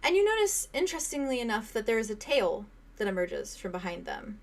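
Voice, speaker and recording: A woman's voice: a little high, big pitch swings, a little fast, vocal fry. A young woman running a tabletop game as game master, describing a scene in detail with fillers and small laughs.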